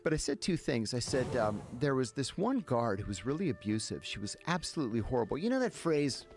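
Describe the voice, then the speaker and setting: A man's voice: medium pitch, brisk. A man, a podcast guest, telling a story in casual talk and acting out the dialogue. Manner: animated, acts out dialogue. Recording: music playing behind.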